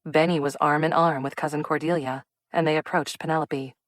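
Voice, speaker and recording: A woman narrates a cozy mystery audiobook in a smooth, even manner. Her voice sits very low for a woman. The recording is close and dry with no room sound. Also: a little fast, no echo. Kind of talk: scripted narration.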